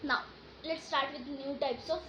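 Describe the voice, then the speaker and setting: A woman's voice: high voice, steady tone, a little slow, heavy background noise. A woman teaching a grammar lesson, explaining and reading example sentences aloud with emphasis.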